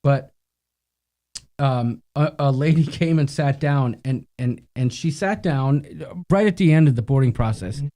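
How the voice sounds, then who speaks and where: A man's voice: mid-range voice, a little slow, mellow. A man co-hosting a live cruise show, chatting casually, telling stories and reading out viewer comments. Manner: chatty storyteller, reads viewer comments aloud. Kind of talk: casual live-stream chat.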